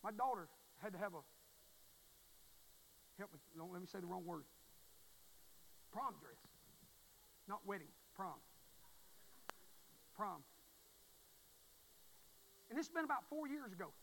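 A man in his forties with a Southern US accent, preaching a sermon in a folksy, emphatic way. He repeats his points and swings between hushed asides and near shouting. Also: high-pitched, big pitch swings, a little slow, vocal fry, long pauses, a little hiss or hum, rough recording. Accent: Southern US (Mississippi).

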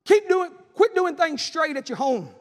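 A man's voice: extremely high pitch, big pitch swings, moderate pace. A man preaching a fiery sermon, repeating lines with emphasis. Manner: Southern preacher cadence, repetitive and emphatic, acting out quoted voices. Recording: echoing hall.

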